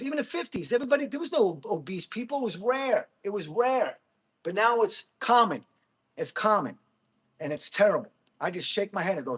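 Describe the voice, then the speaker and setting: A man's voice: sits high, a bit bright, husky. A middle-aged man hosting a casual livestream, bluntly chatting with viewers and calling them bro. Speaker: livestream host. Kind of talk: casual livestream chat, reading comments.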